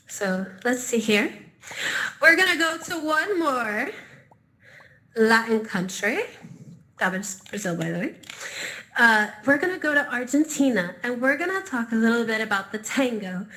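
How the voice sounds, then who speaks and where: A woman's voice: fairly high pitch, pushed and bright. A woman teaching a live dance class in virtual reality, upbeat, chatty and encouraging, a little out of breath, speaking into a VR headset mic. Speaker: dance instructor.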